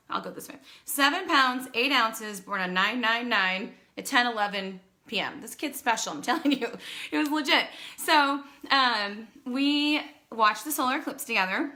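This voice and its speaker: Woman in her 30s, animated, bright tone, talking to her phone cam, emotional. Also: a little high. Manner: animated, acts out quoted dialogue, chatty with fillers. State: emotional, holding back tears. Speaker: photographer telling her story. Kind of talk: casual personal storytelling to a phone camera.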